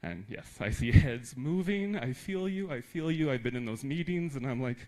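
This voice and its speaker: Lively American man giving a talk. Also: mid-range voice, normal speed, rough recording. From United States. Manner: lively, emphatic, joking asides. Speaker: teacher trainer. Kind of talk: conference talk to teachers.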